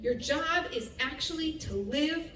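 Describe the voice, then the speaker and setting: A woman from the United States giving an animated storytelling talk to a festival audience, often laughing and acting out what other people said. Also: high-pitched, measured pace, a little hiss or hum. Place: festival stage. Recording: echoey venue, speaker heard from a distance with faint ambience.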